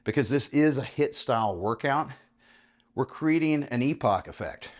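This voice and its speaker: A man's voice: mid-range voice, expressive, moderate pace. A man in his fifties, a fitness coach talking casually through a home workout, counting reps aloud and laughing easily. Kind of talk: home workout vlog with instruction.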